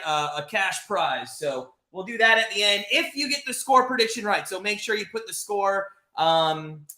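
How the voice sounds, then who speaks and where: A man's voice: sits high, pushed and bright, echoey room. An American man hosting a live watch-party stream, upbeat and talking to the chat viewers. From United States.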